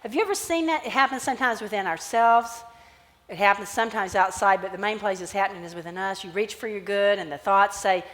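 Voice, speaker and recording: A woman pastor giving a sermon, animated as she tells a Bible story and acts out its characters. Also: medium pitch, fast. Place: church sanctuary. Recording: church hall reverb.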